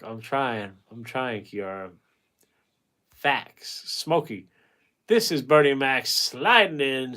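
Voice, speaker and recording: A man's voice: medium pitch, a bit bright. A man in his forties hosting a casual livestream, reading out viewer comments and giving blunt, rambling advice, swearing freely and breaking off mid-thought. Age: 40s. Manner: gives frank dating advice to viewers by name. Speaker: painting livestream host.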